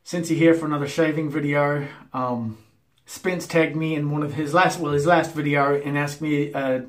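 An American man talks through his shaving routine in a loose, jokey way, stopping for fillers and restarts. His voice sits a bit high, and the bathroom tiles make the sound echoey. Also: fairly even intonation, normal speed. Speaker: wet shaving YouTuber. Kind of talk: casual shaving vlog talk to camera. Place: bathroom at the sink.

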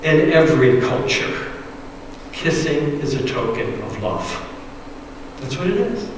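A man preaching a sermon as pastor, retelling a story with dramatic swings between loud emphasis and hushed, quiet passages. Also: medium pitch, lively intonation, unhurried, slight background noise. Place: church sanctuary. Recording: echoey church hall, distant mic.

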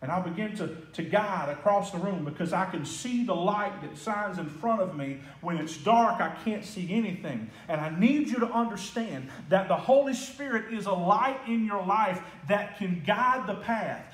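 A man preaching a sermon as pastor, swinging between hushed, intimate lines and loud, ringing calls. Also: high-pitched, lively intonation, normal speed, few pauses. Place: church sanctuary. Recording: echoey church hall with music behind. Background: music.

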